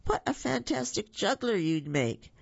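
A reader voicing a kind, encouraging giraffe teacher in a children's storybook, praising warmly. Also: medium pitch, very animated, measured pace, creaky, slightly rough, no echo, voice pushed up, full character voice. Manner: kindly praising. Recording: muffled lo-fi recording.

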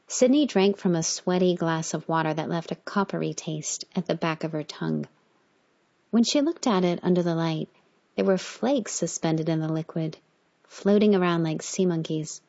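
A woman reading a letter and then a short story aloud at a steady, measured pace. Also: fairly low pitch, muffled recording. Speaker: reader.

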